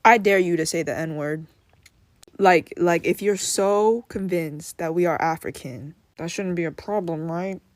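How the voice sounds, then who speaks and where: A woman's voice: on the low side, measured pace, no room sound. A woman reacting in disbelief to a clip, incredulous and apologetic in a casual way. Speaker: social media commenter.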